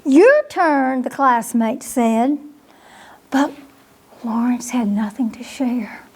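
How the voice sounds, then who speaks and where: Librarian, woman, reads a bedtime story slow and gentle, high voice, chats to the kids between pages. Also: steady tone, slightly rough. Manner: slow, gentle, asks the listeners questions. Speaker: children's librarian.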